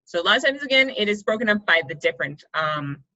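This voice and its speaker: A woman's voice: mid-range voice, expressive, quick pace, pushed and bright, lo-fi sound. A woman coach teaching a chatty, upbeat online writing lesson, explaining step by step.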